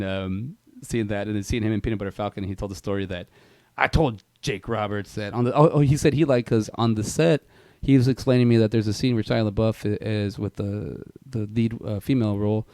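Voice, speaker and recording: A man co-hosting a movie podcast, chatting casually and telling animated stories. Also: fairly low pitch, dry recording. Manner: animated storyteller, loud impressions in anecdotes. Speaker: podcast co-host. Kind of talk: casual chat.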